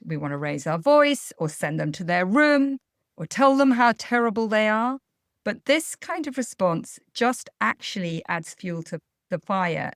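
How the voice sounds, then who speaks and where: A woman, a parenting coach speaking in a calm, measured and explanatory way on a podcast. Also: mid-range voice, dry recording, studio quality. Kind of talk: podcast advice talk.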